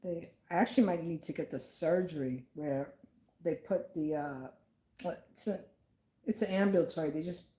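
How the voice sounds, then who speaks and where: Low-voiced woman rambling in an echoey room. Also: dark tone. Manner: rambling and halting, many fillers. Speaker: vlogger. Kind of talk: casual talk to camera about grief. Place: at home.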